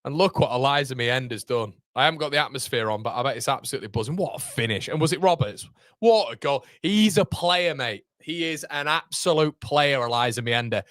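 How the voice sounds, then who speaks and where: A man hosting a live watchalong, shouting at the match and chatting with his viewers in British slang. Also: medium pitch, lively intonation, fairly quick, no room sound, studio quality. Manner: uses British slang like lads, mate, muppets. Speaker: live-stream watchalong host. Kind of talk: excitable live football reaction chat.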